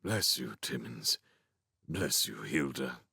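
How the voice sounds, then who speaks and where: A man voicing a frail, gentle elderly great-uncle in a storybook reading, murmuring low. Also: sing-song, a little slow, slightly rough, no echo, studio quality, heavily acted. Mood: weary relief.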